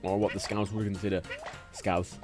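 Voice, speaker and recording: This is casual gaming-stream chatter from a young English guy with a faint Liverpool twinge who rambles, swears without restraint and skips from one topic to another. His voice is low and level, delivered at a moderate pace, with faint game music in the background.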